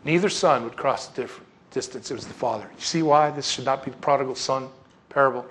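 A man's voice: medium pitch, fairly quick, a bit bright, slightly rough. A man preaching a sermon in a conversational, folksy way, with casual asides and rhetorical questions. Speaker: pastor.

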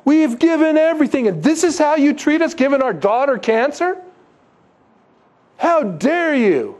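A preacher acts out an anguished, grieving man railing at God in a strained, pleading cry. The voice jumps far above his normal range and comes out loud and accusing. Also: very high voice, animated, a little slow, voice pushed up.

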